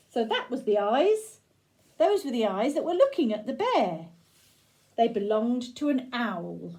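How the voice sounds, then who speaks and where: A woman reading a children's picture book aloud, gentle and sing-song, pausing to ask the young listener questions. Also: a little high. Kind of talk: children's read-aloud storytelling.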